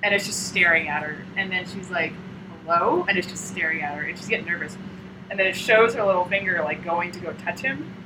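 A woman co-hosting a casual chat about a comic retells it with plenty of fillers, animatedly acting out the characters' lines. Her voice is on the low side and quick, with a noisy background.

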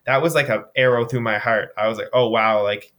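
A man's voice: medium pitch, a little fast. A young man from Nova Scotia, a charity runner, telling stories animatedly with lots of fillers in a casual interview over a video call. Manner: animated storytelling, frequent fillers. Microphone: remote video call.

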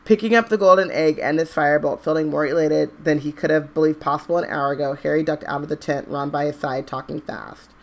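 A woman co-hosting a book podcast, reading a chapter aloud in a steady way and breaking off into blunt, joking asides. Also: deep voice, fast, vocal fry, hardly any pauses. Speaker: podcast co-host.

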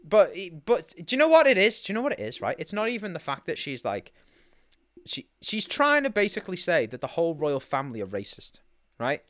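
A man's voice: fairly high pitch, huge pitch swings, fairly quick, fairly bright tone, no room sound. A British man co-hosting a casual podcast, ranting with heavy profanity. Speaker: podcast co-host.

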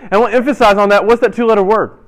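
Young male youth pastor, lightly raised pitch, joking interactive sermon style. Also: steady tone. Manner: playful, quizzes the audience, quick asides. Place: church hall with audience.

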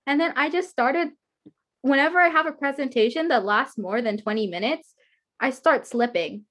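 High-voiced chatty woman hosting. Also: normal speed, a bit bright. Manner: giggly, chatty, rambling. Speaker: guest host interviewer. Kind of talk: casual chat. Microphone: video call.

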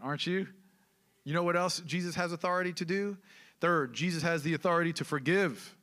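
Male pastor, fairly high voice, chatty sermon delivery with asides and questions to the congregation. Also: pushed and bright.

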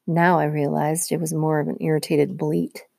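A woman teacher reads a novel aloud to her class in a low, mellow voice with vocal fry. Her narration stays steady and even at a moderate pace, recorded dry with no room sound or echo.

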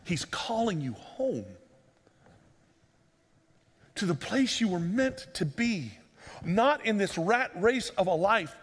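A man's voice: high voice, sing-song, slow, long pauses, breathy edge. A man preaching a sermon as pastor, earnest and pleading, pressing his listeners with repeated rhetorical questions. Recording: long reverb of a large room.

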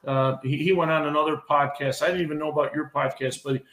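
Talking fast in a fairly high, slightly bright voice with fairly even intonation, a middle-aged veteran wrestler is interviewed on a podcast. He gets emotional and heated, repeating and restarting phrases, with the room audibly echoey.

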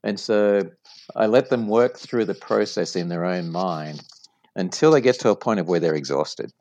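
A man with a low voice and a gravelly edge, speaking with a non-American accent. He explains his business patiently as an interview guest, often acting out little conversations to make his point. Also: lively intonation, normal speed, darkish tone. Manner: explanatory, storytelling with examples. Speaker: franchise executive guest.

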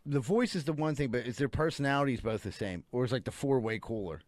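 A man's voice: mid-range voice, animated, fast talker, no echo. A man hosting a casual podcast, joking around loosely and laughing often. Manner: laughs a lot, loose and crude. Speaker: podcast host.

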